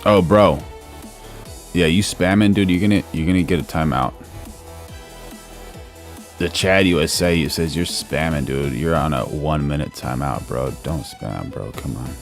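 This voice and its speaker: A man with a very low, gravelly voice hosts a casual live stream. He chats loosely with viewers, reads their comments aloud and tosses "bro" into nearly every sentence. Faint music plays underneath. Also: measured pace, pauses often. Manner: laid-back, calls everyone "bro", reads chat aloud.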